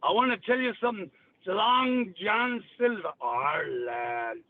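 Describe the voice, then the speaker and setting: A man putting on a growling Cornish pirate who ends on a gruff "arr". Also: high-pitched, expressive. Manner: growling, drawn-out. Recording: tinny phone line.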